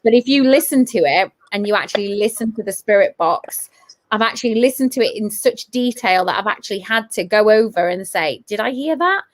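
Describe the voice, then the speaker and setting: A woman's voice: mid-range voice, a little fast. Chatty woman paranormal investigator. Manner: eager, restarts and repeats phrases. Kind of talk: casual storytelling chat.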